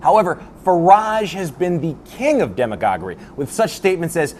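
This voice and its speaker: Sarcastic guy doing a fake news monologue, kinda high voice, lots of ups and downs. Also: very animated, brisk, few pauses, darkish tone, slight background noise. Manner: sarcastic, laughs at his own jokes. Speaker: host.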